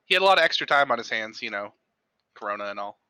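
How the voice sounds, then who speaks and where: Very bright-voiced man bragging playfully. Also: lowish voice, animated, fast talker, smooth, dry recording, poor audio. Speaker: awards co-host. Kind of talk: casual panel chat.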